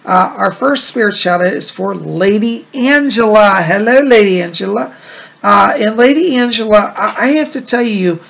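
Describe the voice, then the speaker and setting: Lively gravelly-voiced man, chatty medium. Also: high voice, moderate pace. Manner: chatty and reassuring, with frequent "like" and "you know". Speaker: psychic medium host. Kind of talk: casual reading of viewer letters.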